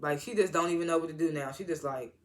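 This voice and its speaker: Talking fast at a fairly high pitch, a male reviewer gives a laid-back, meandering summary of a TV episode, dropping slang and acting out quoted dialogue.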